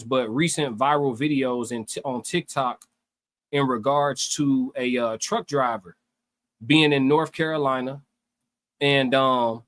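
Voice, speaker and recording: A man's voice: mid-range voice, a bit bright. A man co-hosting a livestream, chatting casually in slang and reading viewer comments aloud. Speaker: livestream co-host.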